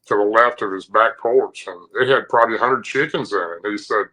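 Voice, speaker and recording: Bright-voiced man telling a story. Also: on the low side, brisk, rough recording. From Tennessee. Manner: rambling, vivid retelling with rural Southern phrasing. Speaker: podcast guest telling an encounter story. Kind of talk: casual storytelling.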